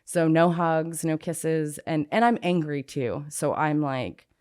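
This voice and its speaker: Speaking slowly in a darkish, clean, notably low voice, a Southern California-raised woman candidly recounts her own story during a casual interview. She doesn't filter herself, leaning heavily on "like" and the occasional curse.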